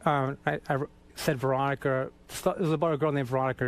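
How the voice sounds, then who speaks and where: A man's voice: mid-range voice, steady tone, quick pace. A man from Boston, a guest singer, telling self-mocking, profane stories and acting out the dialogue. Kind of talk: anecdotal storytelling.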